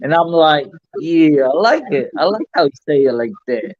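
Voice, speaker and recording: A man, a podcast guest talking casually, playful and quick to apologize. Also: on the high side, sing-song, lo-fi sound. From New Zealand. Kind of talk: casual chat.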